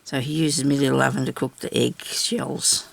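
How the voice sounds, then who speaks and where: Older woman, craft host, heavy gravel and husky tone, rambling self-talk while she works at home. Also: rumbling low, steady tone, moderate pace, no echo. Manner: rambling, talks to herself while working. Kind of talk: casual crafting chat.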